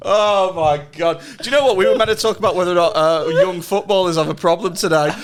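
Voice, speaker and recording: A man's voice: high-pitched, fast talker. A man hosting a casual podcast chat, swearing and joking freely. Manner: sweary, laughing, animated. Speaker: podcast host.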